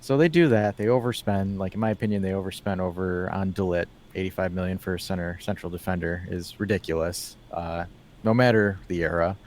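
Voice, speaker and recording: A man co-hosting a casual football podcast, talking in a rambling, animated way, full of fillers and restarts, with wry asides. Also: deep voice, brisk, a little hiss or hum. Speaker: podcast co-host.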